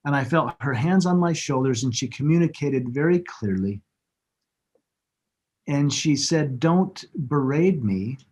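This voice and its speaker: A man as an interview guest, telling a personal story in an earnest, halting way and repeating words when moved, speaking over a video call. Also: mid-range voice, animated, darkish tone, breathy edge.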